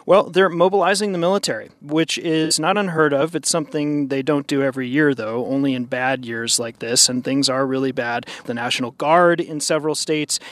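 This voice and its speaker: A man's voice: fairly high pitch, moderate pace, hardly any pauses, fairly bright tone, no echo. A man reporting from outdoors beside an airfield, speaking in a plain, conversational way for a news program.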